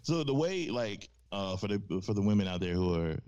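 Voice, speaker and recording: A man hosting a casual podcast chat, animated and profane, acting out the voices he quotes. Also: lowish voice, a little fast, clear, resonant tone. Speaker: podcast host. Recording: dull lo-fi sound.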